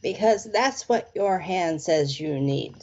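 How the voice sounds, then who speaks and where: Slow, playful woman psychic, lo-fi sound. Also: on the low side, animated, a little mellow. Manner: playful, chatty, slangy. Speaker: psychic palm reader. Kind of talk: casual live palm reading.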